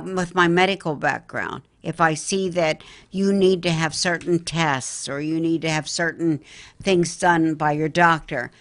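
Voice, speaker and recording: Low-voiced woman psychic guest. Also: fairly bright tone. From Philadelphia, Pennsylvania area. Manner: earnest, storytelling, addresses listener as honey. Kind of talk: interview talk.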